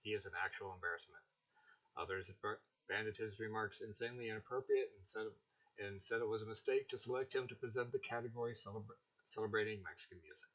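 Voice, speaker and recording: A man's voice: on the low side, steady tone, fast talker, a bit bright, low-quality recording. Man hosting, stumbling through a news read. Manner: stumbling, self-correcting reading with asides. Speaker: host. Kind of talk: casual commentary reading news aloud.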